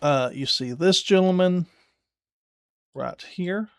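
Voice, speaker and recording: A man narrating as game master of a tabletop game, unhurried and hesitant with fillers. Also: high voice, clean tone, no room sound, clean studio sound.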